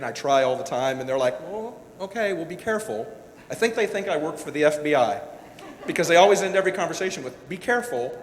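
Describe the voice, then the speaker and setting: A man who works as a director-producer gives a personal, emotional speech to an audience, rambling and restarting as he goes. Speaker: event speaker, director-producer. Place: large hall. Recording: echoey hall with faint rumble.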